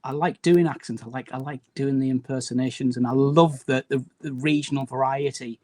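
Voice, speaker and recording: A man's voice: mid-range voice, fairly even intonation, a little fast, warm tone. Man with a mild Durham accent, chatty. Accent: mild Durham accent with a trace of Teesside. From County Durham, England. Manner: chatty, rambling, many restarts. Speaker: guest, map and book publisher. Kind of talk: casual interview chat.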